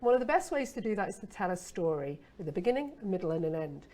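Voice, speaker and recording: A woman's voice: fairly low pitch, very animated, fast, dark tone. A middle-aged woman giving a casual copywriting masterclass, chatty and playful, with rhetorical asides to her listener.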